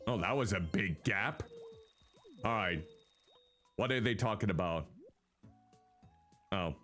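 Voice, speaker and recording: With faint game music in the background, this male VTuber talks his way through a life-sim game, lively and speaking directly to the characters. His voice sits on the low side, and he takes his time.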